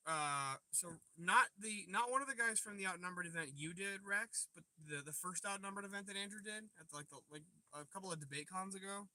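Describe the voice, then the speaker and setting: Sitting high in pitch, this man's sharp voice moves a little fast with few pauses, and the recording is dry. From a car parked by a river at night, he hosts a casual livestream, trading profane jokes with his viewers. A phone propped on the dashboard captures it.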